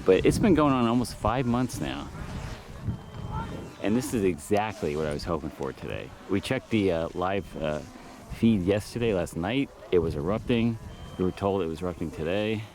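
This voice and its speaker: Brief: deep, lively male vlog host, winded, heavy wind noise. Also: normal speed. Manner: enthusiastic, exclaiming at the view. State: out of breath from a steep hike. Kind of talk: excited outdoor travel vlog. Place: outdoors on a windy hillside. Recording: loud wind noise outdoors.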